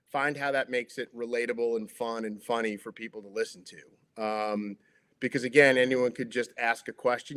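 A middle-aged man talks loosely as an interview guest, with a voice of ordinary middle pitch. He keeps circling back with fillers and restarts as he goes. His delivery sounds like that of a former sports broadcaster chatting off the cuff. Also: a bit bright. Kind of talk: casual interview chat.

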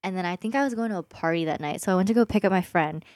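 A woman's voice: on the low side, rapid-fire, dry recording, clean studio sound. A young woman co-hosting a podcast, telling stories in a casual chat and laughing often. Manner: animated storytelling, laughs often, quotes herself. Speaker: podcast co-host.

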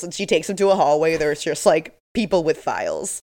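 A woman's voice: low voice, sing-song, fairly quick, darkish tone. A woman co-hosting a podcast, retelling episode scenes in a chatty, casual way full of "like" fillers. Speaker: podcast co-host. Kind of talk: casual recap chat.

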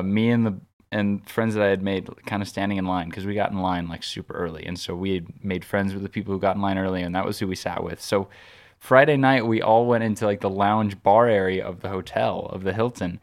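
A man co-hosting a podcast, telling a long story in casual chat, rambling with frequent restarts and filler words. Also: fairly low pitch. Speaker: podcast co-host.

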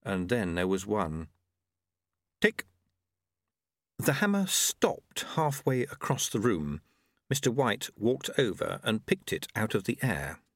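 Expressive man reading a novel. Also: on the low side, slow, long pauses, no echo, clean studio sound. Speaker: audiobook narrator. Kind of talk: scripted narration.

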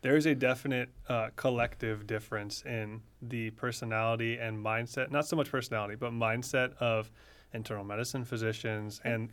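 Flat-voiced young man podcast host. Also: lowish voice, clear, resonant tone. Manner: relaxed, conversational, gives advice. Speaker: podcast co-host, medical student. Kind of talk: casual podcast chat.

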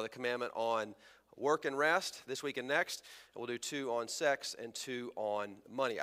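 Male pastor, unwell and fatigued, chatty sermon delivery, bright tone, long church-hall reverb. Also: medium pitch. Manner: conversational, self-deprecating, prays softly.

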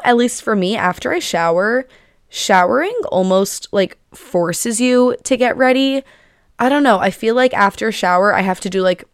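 A woman's voice: medium pitch, clear, resonant tone, dry recording. A bubbly young woman in her twenties hosting her own podcast, chatting with lots of fillers and little giggles. She sounds slightly out of breath. The sound is dry and close to the mic. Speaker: podcast host. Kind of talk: casual chat.

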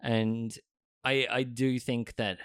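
A man chatting casually about films, animated and often laughing through his words. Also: medium pitch, takes it slowly, smooth, no room sound. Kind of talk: casual chat.

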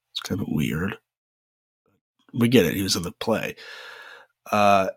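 A man's voice: on the low side, fairly bright tone, slightly rough, no echo, clean studio sound. A young man hosting a podcast, telling rambling personal stories in a chatty way with lots of "uh" fillers. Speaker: podcast host. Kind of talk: casual solo storytelling.

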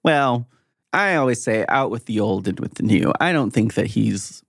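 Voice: medium pitch, expressive, moderate pace, gravelly, no echo, studio quality. A game master playing a cheerful, easygoing male cult leader who talks in a laid-back, noncommittal way, often with little laughs.

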